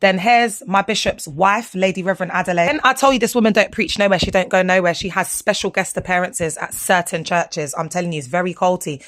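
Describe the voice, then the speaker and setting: A woman, talking straight to her viewers over photos in an indignant, animated commentary, full of slang. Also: a little fast, hardly any pauses. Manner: animated, indignant, slangy, swings between low asides and high exclamations. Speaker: vlogger speaking out about her former church.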